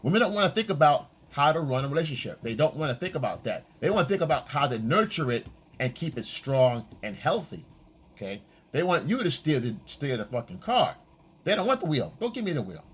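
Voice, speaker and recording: Male dating coach, husky tone, lively swooping delivery, casual profane monologue. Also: brisk. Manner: animated, acts out quoted lines in a high voice.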